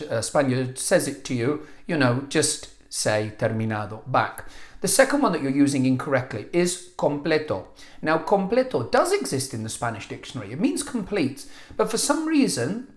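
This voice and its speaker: Animated man teaching in an echoey room. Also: medium pitch. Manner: animated, jokey, exasperated. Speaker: language teacher. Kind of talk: video lesson.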